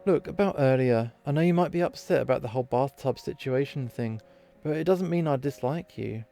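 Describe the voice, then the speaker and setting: A man's voice: mid-range voice, fairly quick, gravelly, mellow, faint music behind, lightly acted. A man voicing a polite young woman protagonist who speaks in an awkward, apologetic way.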